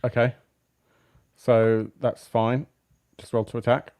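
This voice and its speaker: A man running a tabletop role-playing game as game master, relaxed and hesitant with many fillers. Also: medium pitch, slow pace, a little hiss or hum. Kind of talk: running a tabletop game over a live stream.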